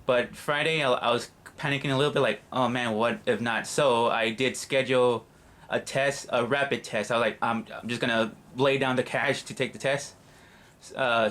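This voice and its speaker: A man, the channel host, adding a side story in relaxed casual chat. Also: medium pitch.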